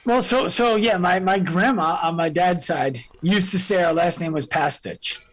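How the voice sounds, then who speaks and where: A man appearing as a podcast guest, telling stories in an animated way and acting out other people's lines. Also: high-pitched, moderate pace, rough recording. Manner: animated storyteller, acts out quoted voices. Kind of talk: storytelling in interview.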